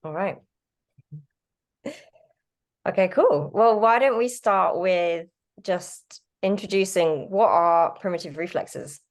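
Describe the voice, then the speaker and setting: A woman hosting a relaxed online conversation, introducing her guest in an easygoing way with frequent fillers. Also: on the low side, a little slow. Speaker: host.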